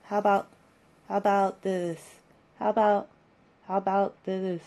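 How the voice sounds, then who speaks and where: A woman's voice: mid-range voice, level tone, measured pace, dark tone, poor audio. A woman streamer chatting casually with her viewers, repeating herself and sounding mildly exasperated as she fiddles with her audio settings. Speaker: live streamer.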